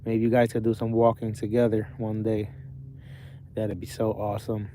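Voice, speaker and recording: A man's voice: on the low side, monotone, moderate pace, mellow, a little hiss or hum. A young man livestreaming from his parked truck cab, rambling casually while reading out viewer comments. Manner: rambling, chatty, self-correcting.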